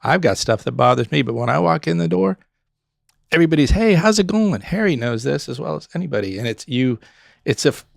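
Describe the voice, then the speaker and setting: A middle-aged man with a gravelly, fry-edged voice talks casually as a podcast guest, recorded close and dry with no room around him. He tells restaurant stories with energy and slips into quick voices for customers and servers. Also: medium pitch, no echo. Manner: animated storyteller, acts out customers and staff. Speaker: guest, former pub owner.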